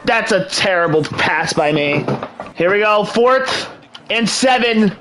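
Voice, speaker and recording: A man's voice: high voice, expressive, takes it slowly, background noise. A young man hosting a video game channel, hyping his game like a sportscaster in upbeat play-by-play commentary. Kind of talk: hyped gameplay commentary.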